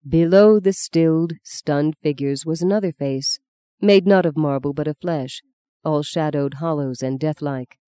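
An audiobook narrator reading a literary novel in a measured, even storytelling manner. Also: medium pitch, clear, resonant tone, dry recording.

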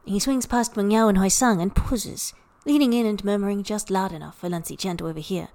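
A woman narrating a story for a podfic in even, unhurried storytelling. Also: mid-range voice. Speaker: podfic reader. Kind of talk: scripted narration.

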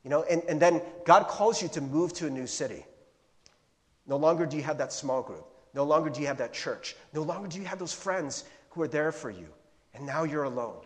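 A man in his forties preaching a sermon as a youth pastor, in a casual, animated way with slang and stammered restarts. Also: a little high, brisk. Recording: long hall reverb.

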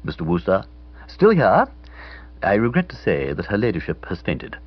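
A man's voice: low voice, wildly swooping pitch, moderate pace, breathy edge, lo-fi sound, heavily acted. A man reading an audiobook voices a formal, deferential male butler who speaks in a stiff, polite, slightly hesitant way.

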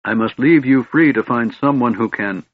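A man voicing a big, devoted young male warrior who talks earnestly and pleadingly, in a husky voice. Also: mid-range voice, normal speed, no room sound, phone-quality sound, pitched above the performer's own voice.

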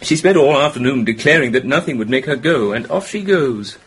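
Breezy young English gentleman, very husky voice, widely swinging intonation, mocking. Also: mid-range voice, lively intonation, a little fast. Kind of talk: radio drama acting.

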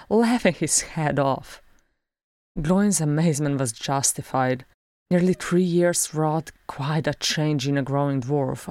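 Low, unhurried woman narrator reading fan fiction, close and dry. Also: dry recording. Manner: slow, even storytelling. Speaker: audiobook reader. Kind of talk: fan fiction read-aloud.

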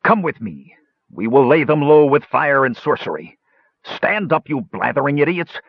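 A man voicing a shrill, sneering hunchback sorcerer. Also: expressive, normal speed, vocal fry, breathy edge, dry recording, highs cut off, heavily acted. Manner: barks insults and orders. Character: shrill cruel hunchbacked dwarf sorcerer commander. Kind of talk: audiobook character voice.

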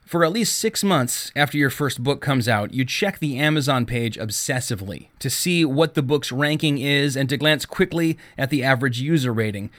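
A man's voice: medium pitch, expressive, normal speed, hardly any pauses, a bit bright. A man hosting his own podcast, narrating a story and telling his experiences in a wry, self-deprecating way. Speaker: podcast host and author.

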